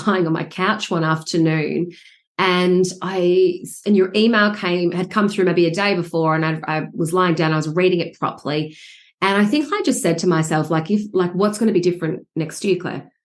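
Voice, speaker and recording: A talkative woman being interviewed over a video call from home. Her voice sits a little low, and she rambles with restarts and quick laughs in a relaxed, chatty way. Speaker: podcast guest, career coach. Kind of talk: casual interview chat.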